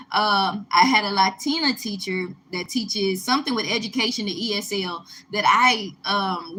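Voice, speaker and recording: Young woman from Texas, personal storyteller; bright, emphatic delivery, light noise bed. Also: medium pitch, low-quality recording. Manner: emphatic, animated retelling with rising indignation. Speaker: vlogger.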